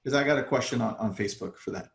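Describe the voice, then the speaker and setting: Gravelly-voiced man coaching real estate agents. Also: mid-range voice, racing, a bit bright, reverberant. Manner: casual, acts out phone calls. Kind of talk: live online training talk.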